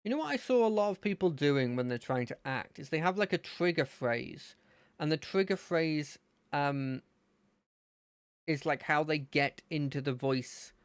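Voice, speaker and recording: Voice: mid-range voice, lively intonation, a little slow, clear, resonant tone, no echo, clean studio sound. A game streamer chatting casually and playfully while playing a fangame, thinking aloud. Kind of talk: casual gameplay commentary.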